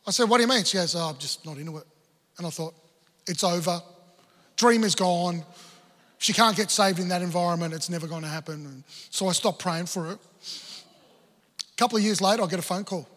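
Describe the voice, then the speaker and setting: Animated Australian preacher man, high bright voice. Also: a little fast, pauses often, long reverb tail. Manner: animated storytelling preacher, acting out dialogue. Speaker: pastor. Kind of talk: sermon with personal story.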